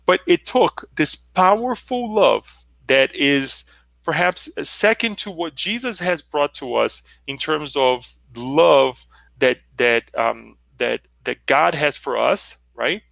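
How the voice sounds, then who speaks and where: A man's voice: a little high, expressive, takes it slowly, creaky, fairly bright tone, no room sound. A man leading a spiritual book study, reflecting aloud and asking rhetorical questions. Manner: reflective, asks rhetorical questions, often adds "right?". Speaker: study group leader.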